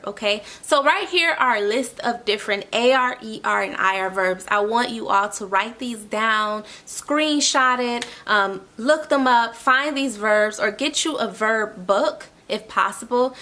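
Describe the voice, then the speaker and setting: A woman with a bright, forceful voice pitched a little high teaches an online language lesson. She walks through each point patiently, repeating phrases and checking in with a quick "okay?". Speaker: Spanish tutor.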